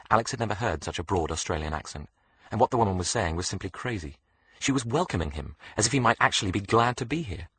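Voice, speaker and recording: A man reading a thriller audiobook in a steady, measured narration. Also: lowish voice, breathy edge. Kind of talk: scripted narration.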